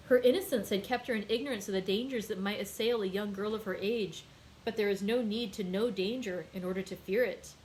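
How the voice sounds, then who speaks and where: A woman librarian hosting a daily read-aloud, reading a classic novel in a clear, measured storytelling voice. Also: medium pitch, a little mellow, slight background noise, low-quality recording.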